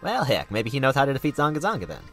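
A man's voice: medium pitch, wildly swooping pitch, very fast, a bit bright, pitched above the performer's own voice, full character voice. Guy doing a folksy cowboy w/ southern drawl, faint music behind. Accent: Southern US drawl put on. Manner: drawling, homespun phrases. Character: folksy middle-aged cowboy man, earnest. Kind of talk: fan voice-over of a game.

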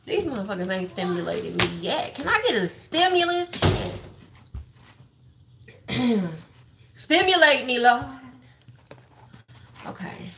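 A woman's voice: mid-range voice, vocal fry, noisy background. A woman hosting a livestream, gossiping bluntly and profanely about online drama straight to her viewers. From Texas. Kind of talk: casual livestream commentary.

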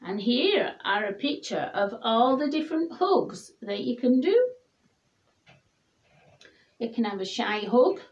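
A woman reading a children's picture book aloud in a gentle, expressive storybook voice. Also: a little high, takes it slowly, pauses often, muffled recording.

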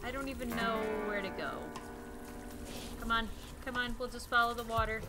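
A young woman commentating a game she plays, swinging between quiet sad musing and shrieking panic. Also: a little high, fairly even intonation, normal speed. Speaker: gaming YouTuber. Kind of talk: let's play commentary. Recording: game music playing underneath.

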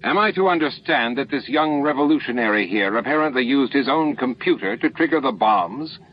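A man's voice: mid-range voice, expressive, fairly quick, voice pushed up, natural voice. A stern male security chief, skeptical and cutting, his questions laced with dry sarcasm, as a male reader puts him on. The audiobook recording is dull and lo-fi, with a touch of faint hiss behind it. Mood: sarcastic.

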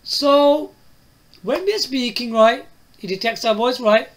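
A man's voice: very high-pitched, slow pace, a bit bright. A man reviewing a phone to camera, asking the viewer questions and tagging his lines with "right?" and "yeah?". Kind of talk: product demo to camera.

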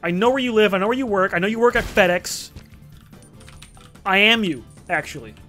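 A young man giving excitable, jokey let's play commentary, swearing freely and breaking into sudden shouts. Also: high-pitched, brisk, soft background music. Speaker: gaming commentator.

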